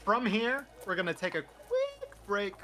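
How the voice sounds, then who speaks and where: A man narrating a tabletop role-playing game as dungeon master, chatty and animated with many fillers. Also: high voice, measured pace, faint music behind.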